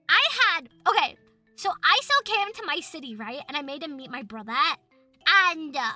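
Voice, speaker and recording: A young British woman streaming as a VTuber, chatting casually to her chat, excitable and swearing a lot with loud outbursts. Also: sits high, measured pace, no room sound, soft background music.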